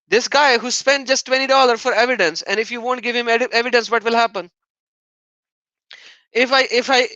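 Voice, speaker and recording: A man's voice: very high-pitched, sharp tone, no echo, lo-fi sound. A man hosting a live-stream debate chat, taunting and sarcastic, often laughing mockingly. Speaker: livestream host.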